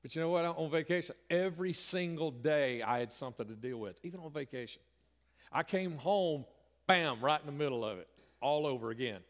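A man's voice: a little high, brisk. A middle-aged man, a pastor giving a folksy, conversational sermon that swells into emphatic bursts. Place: church sanctuary. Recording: reverberant church hall.

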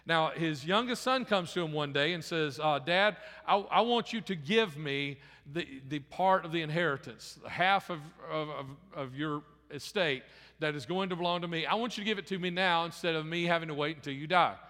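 A man's voice: a little high, moderate pace, bright, forceful tone. A man preaching a sermon, retelling a parable in a conversational, storytelling way with frequent restarts and repeated words. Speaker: pastor. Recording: long hall reverb.

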